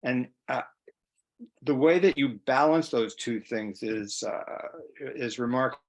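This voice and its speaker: A male interviewer talks through his thoughts before asking a question, pausing on fillers as he searches for words. His voice sits at an ordinary middle pitch for a man.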